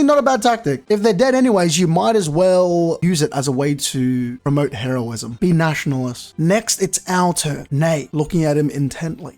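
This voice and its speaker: A man hosting a live comic-chapter reaction, joking and hyped, slipping into quick voices. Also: fairly high pitch, expressive, a little mellow. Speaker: manga reviewer, YouTuber.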